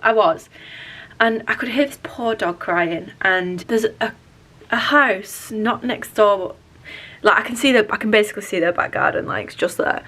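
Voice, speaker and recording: A woman's voice: mid-range voice, normal speed, a bit bright. A young woman, chatting casually to camera in her bedroom, rambling and self-deprecating. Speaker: vlogger. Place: bedroom at home.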